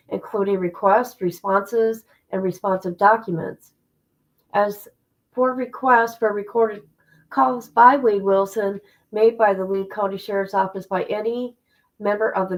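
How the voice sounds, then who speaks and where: A woman's voice: mid-range voice, rough recording. A woman hosting a casual livestream, greeting her chat and reading legal documents aloud with offhand asides. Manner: chatty, reads legal text aloud with asides. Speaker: livestream host.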